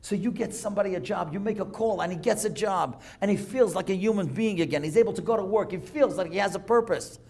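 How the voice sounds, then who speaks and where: A man, a rabbi telling a story to a congregation, dropping to a hushed voice at moving moments and rising for emphasis. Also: high-pitched, quick pace, hardly any pauses. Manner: dramatic storyteller, drops to a hushed voice for emotional moments, rises for emphasis. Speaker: rabbi and speaker. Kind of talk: storytelling lecture. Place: synagogue lecture hall.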